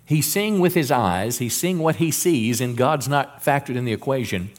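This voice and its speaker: A man's voice: medium pitch, lively intonation, moderate pace. Stammering, earnest male preacher. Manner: earnest preaching with repeated stammered restarts and quoted scripture. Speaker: pastor. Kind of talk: sermon.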